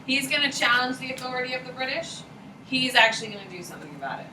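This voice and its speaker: A woman teaching a high school history class, talking casually and candidly and swearing offhandedly as she lectures. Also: animated, quick pace, noisy background. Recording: echoey classroom from far off.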